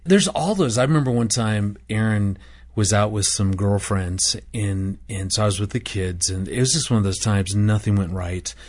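A man's voice: lowish voice, moderate pace. A male co-host of a talk show, telling stories animatedly and laughing often. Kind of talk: radio talk show conversation.

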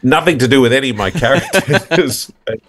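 A man, a guest impressionist, telling animated stories in an interview with frequent restarts and laughs. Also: mid-range voice, a little fast. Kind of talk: interview chat.

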